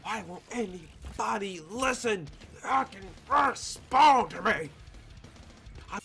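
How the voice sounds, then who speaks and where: A man with a high, strained voice yells and swears at other players as he plays. His words come out slow and drawn out. The headset mic is noisy. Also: animated, creaky. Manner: shouting, profane, ranting at other players. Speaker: gamer. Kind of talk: raging gameplay commentary.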